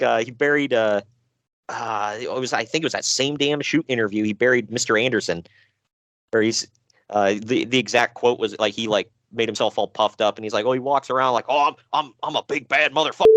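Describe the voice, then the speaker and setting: A man co-hosting a podcast in casual chat, animated, laughing and sighing between points. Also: mid-range voice, no echo. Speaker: podcast co-host.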